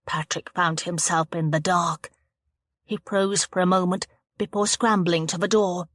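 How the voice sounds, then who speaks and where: A woman reading a thriller audiobook aloud in a steady, measured narration. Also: fairly low pitch, no echo, studio quality. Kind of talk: scripted narration of a thriller novel.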